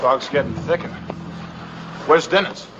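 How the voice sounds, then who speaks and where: An actor playing a man on a foggy road in a low-budget film, with theatrical delivery. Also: a little slow, muffled recording, natural voice. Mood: worried. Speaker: film character. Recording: distant, echoey film audio with outdoor noise.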